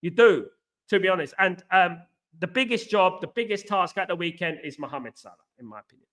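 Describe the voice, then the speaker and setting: A fired-up man chats through a football live stream, rambling and passionate as he answers viewers in the chat. His voice sits high for a man and has a bright, forceful edge. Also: animated, a little fast. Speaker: livestream host and football fan.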